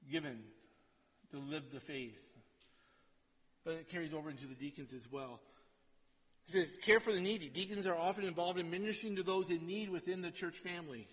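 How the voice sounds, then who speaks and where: Man, pastor, high voice, conversational sermon, keeps asking "right?", long hall reverb. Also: brisk, long pauses, husky.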